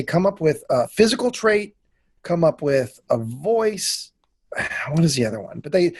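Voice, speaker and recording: A podcast guest who does improv chats casually about his performance, rambling, criticizing himself, and restarting often. His voice is on the high side and slightly rough.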